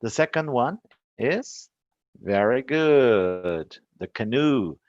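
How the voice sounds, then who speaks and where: A man's voice: mid-range voice, takes it slowly, dry recording, lo-fi sound. Brazilian man recounting an English lesson. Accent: Brazilian Portuguese. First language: Portuguese. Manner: relaxed, chatty, with frequent fillers and little laughs. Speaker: English teacher.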